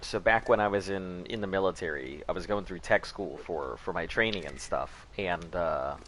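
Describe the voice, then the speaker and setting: A man's voice: sits low, moderate pace, fairly bright tone, slight background noise. A man hosting a game live stream, chatting casually and rambling, laughing at his own jokes. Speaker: gaming live-stream host.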